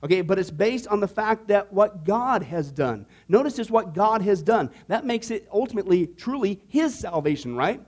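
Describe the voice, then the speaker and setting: A man's voice: sits high, animated, moderate pace, few pauses. A man teaching a discipleship Bible class to a live group, playful and jokey, often checking in with "okay?" and "right?".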